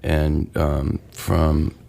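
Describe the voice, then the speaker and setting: A middle-aged man with a Boston accent, a guest on a radio show, speaking haltingly and reflectively with many fillers. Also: extremely low pitch, completely flat delivery, vocal fry, mellow. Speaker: guest, former hockey enforcer. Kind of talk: radio interview.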